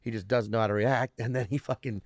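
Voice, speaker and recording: A man's voice: mid-range voice, steady tone, fast. A man in his thirties, a stand-up comedian, telling stories in casual talk with lots of swearing and restarts. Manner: profane, rambling, restarts often. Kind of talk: casual podcast storytelling.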